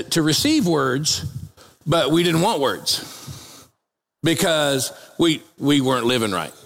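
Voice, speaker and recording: With a voice that sits high and a big-room sound, a man delivers a storytelling sermon from the pulpit. He animatedly tells a comic story, acting out the quotes in different voices.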